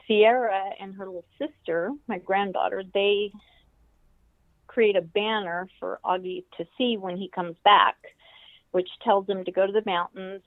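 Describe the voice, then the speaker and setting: Older woman, author guest, animated storyteller, tinny phone-line sound, dry. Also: mid-range voice, dry recording. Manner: animated storyteller, acts out quoted voices. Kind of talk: storytelling in an interview.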